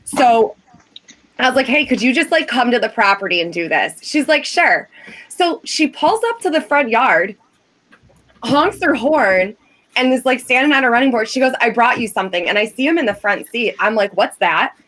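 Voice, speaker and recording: Woman telling a lively, profane story. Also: fairly high pitch, moderate pace. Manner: animated, profane, quoting others. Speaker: podcast co-host. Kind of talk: casual chat, storytelling.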